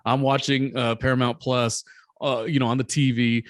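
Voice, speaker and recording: A man's voice: mid-range voice, flat delivery, normal speed, no room sound, clean studio sound. Rambling man recapping with lots of ums. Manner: rambling, hesitant with many fillers. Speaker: podcast host. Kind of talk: casual recap chat.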